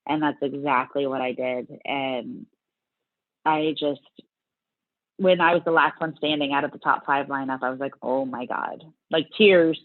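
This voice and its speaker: Woman guest, lowish voice, animated storyteller with restarts, dry tinny call audio. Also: no echo. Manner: animated, many restarts and fillers. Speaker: guest, bodybuilding competitor. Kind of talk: casual interview storytelling.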